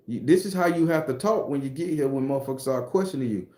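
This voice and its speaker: A man chats loosely, cursing and joking as he hosts. His voice is mellow and dark, and it rings in a roomy, echoey space. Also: mid-range voice, expressive, fast. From Florida. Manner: profane, loose and joking, with slang. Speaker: host and spooky storyteller. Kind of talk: casual livestream chat.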